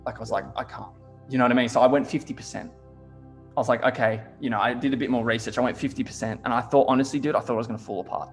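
A man's voice: mid-range voice, racing, soft background music. Swearing man, casual chat. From Australia. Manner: swears a lot, heavy use of "like", animated storytelling.

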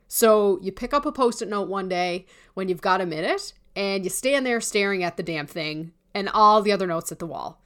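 Her voice is medium in pitch with a fairly bright tone. This coach delivers a frank, informal promotional talk on creating an online course, peppered with casual swearing and teasing remarks.

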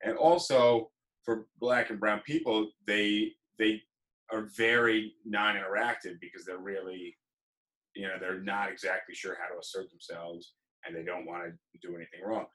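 A man with a bright, forward voice hosts a loose live chat. He tells his stories with animation and swears freely, acting out both sides of the exchange. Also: on the low side, steady tone, moderate pace, rough recording. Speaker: host. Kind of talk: casual chat.

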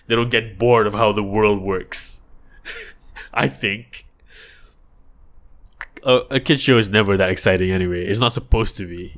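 A man's voice: fairly low pitch, fairly bright tone. Rambling man musing aloud. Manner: rambling, thinking aloud with restarts and mock voices. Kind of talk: casual monologue.

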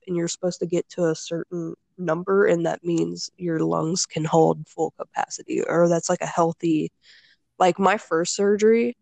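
A woman's voice: fairly low pitch, vocal fry, a little mellow, dry recording, rough recording. A young woman telling a story in casual chat, full of filler words and swearing.

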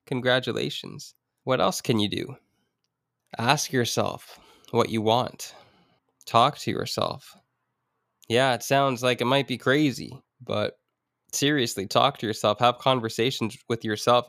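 An earnest man talks alone on his own podcast, reflective and encouraging, with the odd jokey aside. His voice sits at an ordinary middle pitch. The sound is close and dry, with no room around it. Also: a bit bright, no echo. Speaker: podcast host. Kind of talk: solo motivational podcast talk.

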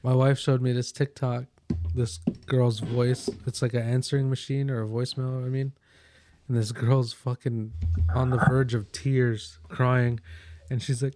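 A man's voice: mid-range voice, flat delivery, unhurried, a little mellow, slight background noise. A man co-hosting a podcast, casually retelling a crude story he saw online. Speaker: podcast co-host.

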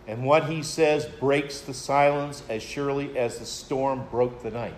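A man's voice: medium pitch, steady tone, unhurried, few pauses, a little hiss or hum. A man preaching a sermon, retelling a story in a reflective way and addressing his listeners as friends. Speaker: pastor.

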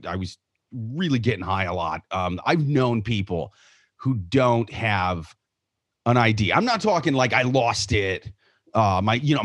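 Animated, swearing podcast man, dry mic. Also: mid-range voice, no echo. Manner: animated, profane storytelling. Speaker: podcast co-host. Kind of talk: casual chat.

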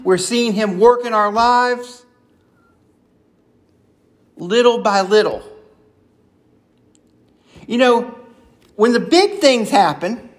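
High-voiced man preaching earnestly. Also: a bit bright. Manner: earnest, acts out sample prayers in a conversational tone. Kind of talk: sermon.

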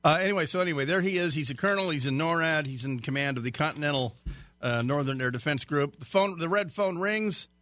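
A man's voice: fairly high pitch, quick pace, fairly bright tone. A man guest-hosting a radio talk show, reading a news story in a chatty way with stumbles and jokey asides. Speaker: radio fill-in host.

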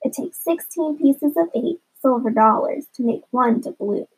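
Woman voicing an excitable young boy. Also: high voice, measured pace, slightly rough, exaggerated voice. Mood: eager. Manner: eager, excitable. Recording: dull lo-fi recording.

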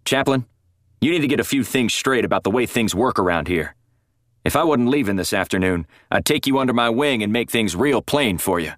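A man voicing a gruff, blustering prison colonel who talks curtly and dismissively. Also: medium pitch, animated, a little fast, a bit bright, dry recording, clean studio sound, pitched above the performer's own voice, close to an everyday voice. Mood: lecturing. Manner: curt, dismissive, barking.

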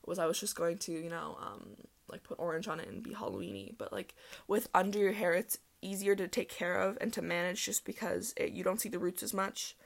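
Young woman rambling on her podcast, talks super fast, lots of like, creaky fry voice. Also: lowish voice, expressive. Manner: fast, rambling, full of "like" and laughter. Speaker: podcast host. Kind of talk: casual solo podcast chat.

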